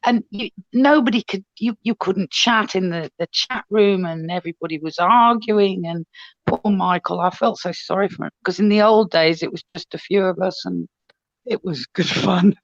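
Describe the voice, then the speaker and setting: A woman's voice: mid-range voice, normal speed, dry recording. Woman reminiscing on a stream, says sorry a lot, laughs, muffled dry audio. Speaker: panel guest. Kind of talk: casual live-stream chat.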